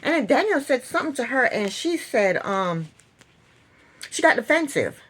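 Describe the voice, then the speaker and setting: A woman's voice: high voice, very animated, moderate pace, fairly bright tone, husky. A woman casually recapping a reality TV episode, chatty and opinionated, retelling scenes and acting out quotes.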